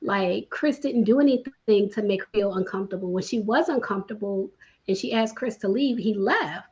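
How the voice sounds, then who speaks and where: Breathy woman on lo-fi remote audio. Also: medium pitch, moderate pace. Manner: emphatic, repeats points. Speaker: guest commentator. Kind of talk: casual recap chat.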